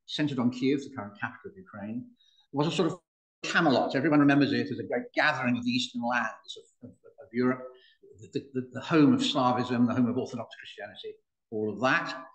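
A man's voice: mid-range voice, a little fast. An older man from the United Kingdom giving a public lecture, with dry humor and frequent restarts. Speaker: guest speaker. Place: public hall. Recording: roomy hall.

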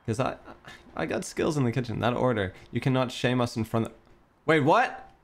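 A man's voice: mid-range voice, animated, normal speed, gravelly. A young man streaming a cooking game, talking to himself in a frantic, swearing rush and breaking into panicky outbursts. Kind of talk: gameplay commentary.

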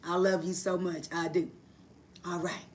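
A woman teaching a livestreamed sermon, hoarse from losing her voice, preaching emphatically in a folksy style and answering herself with quick asides. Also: on the low side, level tone, a little mellow, far from the mic. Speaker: Bible teacher. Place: live online broadcast.

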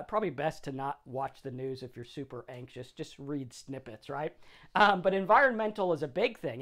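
A middle-aged man hosting a sobriety talk, speaking in an informal, conversational way and often checking in with "right?". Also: a little high. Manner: conversational, tags lines with "right?".

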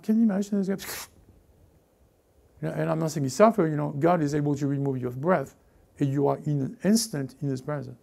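Gravelly-voiced preacher, animated. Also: male voice, a little high, a little fast. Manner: animated, repeats words, acts out characters. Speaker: pastor. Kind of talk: lively sermon with acted-out voices.

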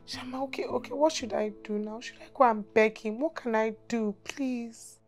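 An actress playing a timid young cleaner with a Nigerian accent, apologetic and pleading in a film drama. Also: female voice, on the high side, fairly even intonation, faint music behind, close to an everyday voice. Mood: distressed. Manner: pleading, apologetic, fast rushed phrases. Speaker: office cleaner.

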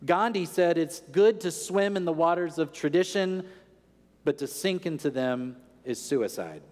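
A man's voice: a little high, lively intonation, unhurried, darkish tone. A man preaching a sermon in an earnest teaching tone, asking rhetorical questions. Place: large church sanctuary. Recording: long church reverb.

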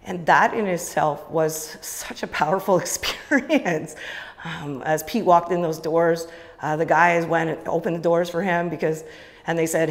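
A woman's voice: on the low side, steady tone, unhurried. A woman speaking casually and with enthusiasm to a church congregation, with many fillers. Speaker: church leader giving the offering talk. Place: church sanctuary. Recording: long church hall reverb.

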